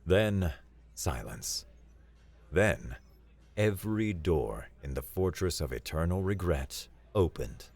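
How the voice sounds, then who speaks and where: A man narrating a comedic sci-fi story in a wry, deadpan way. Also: low voice, no echo.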